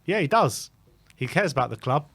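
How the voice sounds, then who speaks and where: A man hosting a casual football fan show, talking in an animated, emphatic way and often repeating himself. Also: fairly high pitch, normal speed, breathy edge.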